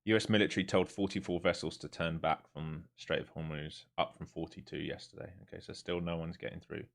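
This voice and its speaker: Give me an English man with a low voice doing live trading commentary in a relaxed, joking way. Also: creaky. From England. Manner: chatty, laughs often, quick jokes between chart calls. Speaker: live day-trading streamer.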